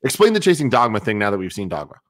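A man jumps into a podcast discussion with quick questions. His voice is low, and he talks very fast. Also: huge pitch swings, slight background noise. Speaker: podcast co-host. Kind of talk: casual chat.

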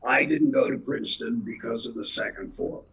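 A man's voice: normal speed, fairly bright tone, poor audio. A man in his eighties from the Philadelphia area, a veteran actor telling rambling stories as an interview guest. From Philadelphia area, USA. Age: 80s. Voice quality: gravelly, very raspy. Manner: rambling anecdotal storyteller. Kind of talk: casual storytelling interview.

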